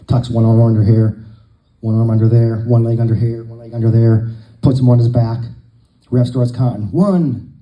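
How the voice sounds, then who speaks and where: A man's voice: medium pitch, highs cut off. A man telling long jokes to a live crowd, a folksy storyteller who acts out the dialogue.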